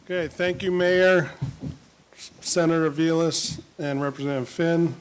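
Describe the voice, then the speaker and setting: A man's voice: on the high side, fairly even intonation, a little slow, smooth, low-quality recording. A man acting as master of ceremonies, thanking dignitaries and introducing the next speaker in an upbeat, announcing way. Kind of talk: event emcee announcements.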